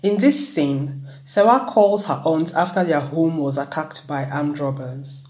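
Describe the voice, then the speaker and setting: The host of a book review show, talking through a novel and reading a passage from it in a measured, clear way. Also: mid-range voice, a little mellow. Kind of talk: book review with read excerpt.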